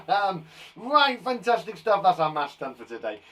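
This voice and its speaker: A man's voice: high-pitched, very animated, normal speed, sharp tone, recorded from a distance. A man teaching a live online lesson to young children, upbeat, chatty and encouraging. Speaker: primary school teacher.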